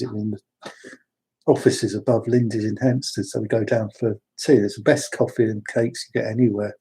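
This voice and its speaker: A man's voice: medium pitch, warm tone, breathy edge. A man from London, chatting through wandering personal stories with frequent restarts. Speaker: storyteller. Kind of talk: rambling personal anecdotes.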